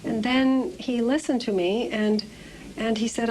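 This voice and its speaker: A woman in an interview telling a story about her husband, halting and repeating her words. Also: on the high side, steady tone, darkish tone, a little hiss or hum, poor audio. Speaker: interviewee, a scientist's wife.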